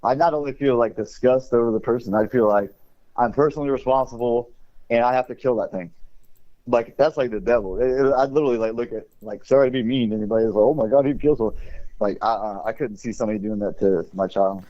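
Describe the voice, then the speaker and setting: A man's voice: mid-range voice, steady tone, fast talker, dry recording. A man co-hosting a podcast in casual chat, talking in a rambling, blunt and profane way. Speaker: podcast co-host. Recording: dull lo-fi recording.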